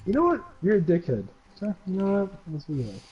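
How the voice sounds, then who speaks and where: Over dull, lo-fi stream audio with crowd noise behind him, a young man teases his gaming friends with swearing, fake outrage. He speaks quickly in a high voice whose pitch swoops wildly.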